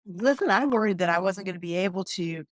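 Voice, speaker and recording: A woman's voice: medium pitch, expressive, fast talker, no echo, clean studio sound. A woman hosting an interview podcast, upbeat and effusive as she introduces and chats with her guest. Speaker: podcast host and coach. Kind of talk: casual interview chat.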